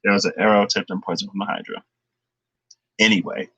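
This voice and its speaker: A man giving a casual tarot reading, chatty and thinking aloud, slipping into animated retellings. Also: fairly low pitch, a little fast, breathy edge, dull audio. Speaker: tarot reader.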